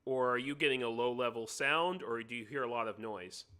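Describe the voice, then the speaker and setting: An American man hosts a live stream on a computer mic, chatting casually and joking while he adjusts his sound setup. His mid-range voice is fairly quick and sounds pushed and bright.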